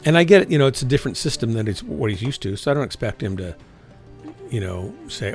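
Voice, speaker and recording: An older man in his sixties with a low, gravelly voice rambles frankly through a casual stream chat. He keeps correcting himself and trailing off, with faint game music behind. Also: fast talker.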